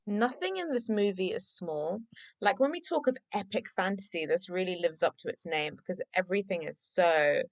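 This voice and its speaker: A woman chatting through a movie reaction, her voice swooping up and down with feeling. She gushes and rambles with plenty of filler words, while film music plays clearly behind her. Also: mid-range voice, expressive, moderate pace, dull audio. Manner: effusive, gushing, lots of "like" fillers. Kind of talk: first-time movie reaction commentary. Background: film soundtrack music.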